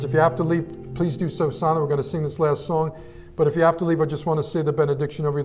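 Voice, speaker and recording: A man's voice: fairly high pitch, flat delivery, very fast, darkish tone, faint music behind. A man preaching a sermon and leading a prayer in a church, with rhythmic, repetitive emphasis that builds and falls. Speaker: pastor. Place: church sanctuary.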